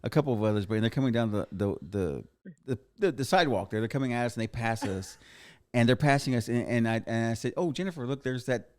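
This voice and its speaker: A man hosting a podcast in casual chat, rambling excitedly with many restarts and a lot of slang. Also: medium pitch, quick pace, smooth. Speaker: podcast host.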